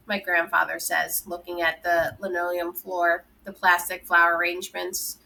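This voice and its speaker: A woman reading a children's novel aloud in a steady storytelling manner. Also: on the low side, normal speed, creaky, poor audio. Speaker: audiobook reader.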